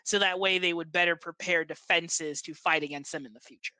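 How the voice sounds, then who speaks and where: A game master narrating a tabletop game in a rambling way, with many pauses and restarts. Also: mid-range voice, fairly even intonation, pushed and bright.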